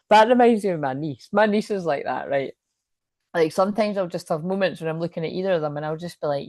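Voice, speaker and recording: A woman's voice: fairly low pitch, expressive, brisk, long pauses, a little mellow, no room sound, clean studio sound. A young woman giving a casual, rambling oracle card reading, laughing often and swearing casually. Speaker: spiritual reader and coach.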